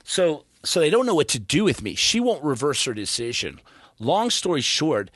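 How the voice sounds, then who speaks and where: A man's voice: fairly high pitch, sing-song, normal speed, fairly bright tone, slightly rough, no room sound, clean studio sound. A man in his thirties, a podcast guest, telling his story in a casual, earnest way with stammered restarts. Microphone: studio podcast mic.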